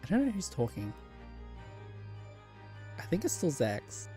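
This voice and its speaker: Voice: mid-range voice, huge pitch swings, measured pace, dark tone, faint music behind. A streamer chatting casually while playing a story game, laughing often, swearing and restarting sentences. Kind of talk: casual live gameplay chat.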